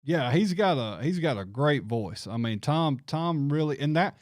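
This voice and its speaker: A man hosts a show in casual livestream chat, his fairly high voice animated and moderately paced, recorded at studio quality with no echo. He rambles, restarting often and laughing frequently.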